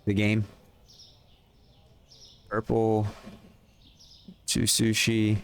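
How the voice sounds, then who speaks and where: A man's voice: on the low side, completely flat delivery, drawn-out words, clear, resonant tone. A man live-streaming a game, chatting casually with viewers and calling out in-game orders between questions to chat. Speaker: livestreamer.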